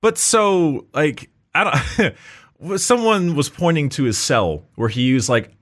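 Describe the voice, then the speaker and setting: A man's voice: fairly high pitch, lively intonation, slow pace. Rambling man chatting about game lore. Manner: rambling, many fillers and restarts, laughs often. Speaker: podcast co-host. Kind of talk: casual lore chat.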